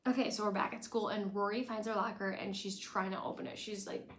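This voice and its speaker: A woman's voice: medium pitch, fairly even intonation, brisk, slight background noise. Young woman chatting thru a show recap, medium voice, echoey room. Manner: chatty, lots of "like". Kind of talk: casual recap vlog.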